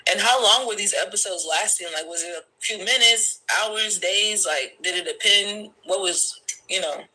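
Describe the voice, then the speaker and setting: A man hosting an interview, asking questions calmly and affirming often. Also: high-pitched, normal speed, a little hiss or hum, low-quality recording. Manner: calm, affirming with short replies. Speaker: host.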